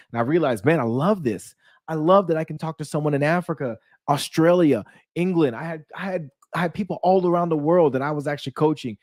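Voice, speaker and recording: A man coaching small-business owners, telling his story in a lively, casual way and speaking straight to his viewers. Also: a little high, no echo, clean studio sound. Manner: energetic, storytelling, addresses viewers as "you guys". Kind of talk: casual talk to camera.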